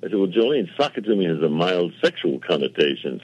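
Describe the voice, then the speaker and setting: A man's voice: low-pitched, very animated, quick pace, darkish tone, a little hiss or hum. An older man, a television producer, telling long rambling anecdotes in a casual interview with quoted dialogue and self-mocking asides. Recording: dull lo-fi radio audio.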